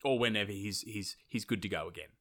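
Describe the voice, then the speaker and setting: A man's voice: lowish voice, fast talker, fairly bright tone. A man casually retelling an old myth as a podcast host, swearing freely and laughing often. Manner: laid-back, swears freely, laughs often, does mocking voices. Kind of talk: casual chat.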